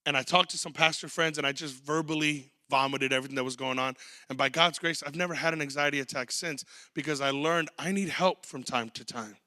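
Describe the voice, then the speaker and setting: A man's voice: on the high side, fairly even intonation, fairly quick, sharp tone, no room sound, clean studio sound. A man in his thirties preaching a sermon as a guest pastor, telling stories and acting out quotes. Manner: storytelling with acted quotes.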